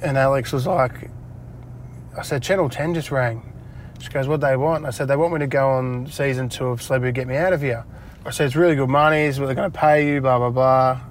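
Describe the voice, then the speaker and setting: A man's voice: mid-range voice, steady tone, fast talker, slight background noise. An Australian man telling stories in a casual interview, laughing often and acting out conversations in a raised voice. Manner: chatty, laughs often, acts out dialogue in a raised voice. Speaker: interview guest, retired footballer. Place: inside a parked car.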